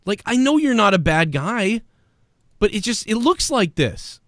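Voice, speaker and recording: A man's voice: high voice, a little slow, no echo, studio quality. Swearing man ranting on a podcast. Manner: animated, swearing, mimics people. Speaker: podcast host. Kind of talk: profane ranting commentary.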